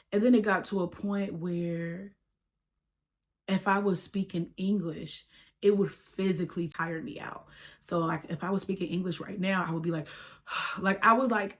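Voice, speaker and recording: Young woman telling her story, slightly low. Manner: animated, quotes others in dialogue, addresses viewers as y'all. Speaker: YouTuber sharing her testimony. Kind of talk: casual storytelling to camera.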